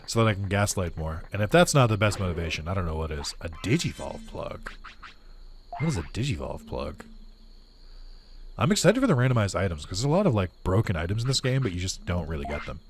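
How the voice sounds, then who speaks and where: Low-voiced man rambling over gameplay. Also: slight background noise. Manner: rambling, with lots of fillers and chuckles. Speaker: gaming YouTuber. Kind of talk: casual let's-play commentary.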